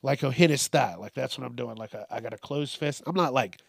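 A man's voice: mid-range voice, a little fast, creaky, a little hiss or hum. A man hosting a solo comedy podcast, rambling loosely with lots of profanity and amusing himself as he goes. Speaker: podcast host.

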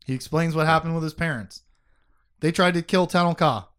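A man hosting a casual book discussion podcast, animated, laughing often and swearing casually as he reads passages aloud. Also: a little high, moderate pace, clean tone. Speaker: podcast host.

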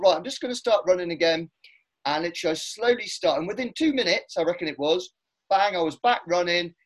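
Casting: man, middle-aged, higher voice, blunt animated storyteller, casual podcast chat.

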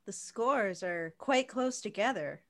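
A woman's voice: medium pitch, lively intonation, slow, a bit bright. A woman co-hosting a comedy podcast, reading game cards, laughing often and swearing bluntly. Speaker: podcast co-host. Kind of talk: casual comedy chat during a card game.

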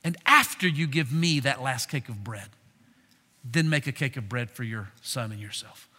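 A man preaching a sermon as a pastor, swinging from loud emphasis down to hushed low tones. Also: moderate pace, long reverb tail.

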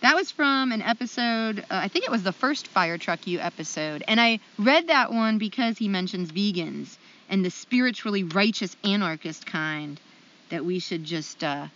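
A woman's voice: mid-range voice, animated, normal speed, fairly bright tone, highs cut off. A woman co-hosting a casual podcast, chatty and self-deprecating, with lots of ums. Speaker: podcast co-host.

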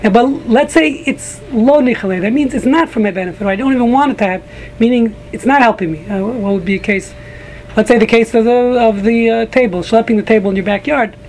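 A man's voice: sits high, slight background noise, low-quality recording. Rambling joking man teaching a Talmud class. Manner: rambling, restarts often, joking asides. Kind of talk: casual group Talmud class.

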